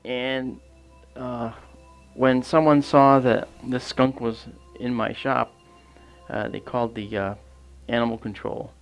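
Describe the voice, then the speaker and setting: A man hosting an astronomy livestream tells a long, casual anecdote outdoors at night, rambling with lots of fillers and restarts and acting out quoted dialogue. His voice is medium-pitched and slow. The sound is lo-fi, with faint music behind.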